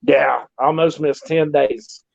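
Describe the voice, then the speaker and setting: A man's voice: a little high, steady tone, unhurried, vocal fry, dry recording. A man, a former pro wrestler, casually telling road stories, swearing and acting out what people said. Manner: profane, acts out quoted dialogue. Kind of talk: casual storytelling. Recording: dry, muffled lo-fi audio.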